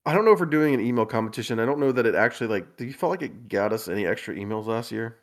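A man hosting a casual podcast, reading a listener's list aloud with wry, deadpan asides and frequent chuckles. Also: mid-range voice, racing. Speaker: podcast host.

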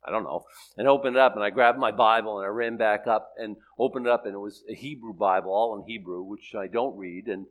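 A man's voice: on the low side, fairly even intonation, brisk, poor audio. An older man teaching the Bible, reading scripture solemnly and then telling a story with many restarts. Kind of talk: sermon and storytelling.

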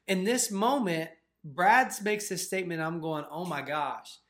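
A man co-hosting a faith channel, telling a story in a casual, animated way with lots of "like" fillers. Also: sits high, normal speed, hardly any pauses. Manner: animated, filler-heavy retelling with "like".

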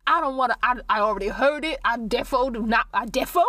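A woman's voice: a little high, fast, sharp tone, dry recording, distant mic. A woman doing a flustered, devout, ghoul-fearing woman. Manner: flustered, exclaiming, stammering.

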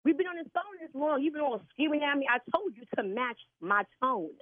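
A woman's voice: high voice, lively intonation, brisk, no echo. An older woman on a phone call, a church sign-language interpreter who talks in a stern, preachy way. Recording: tinny phone line.

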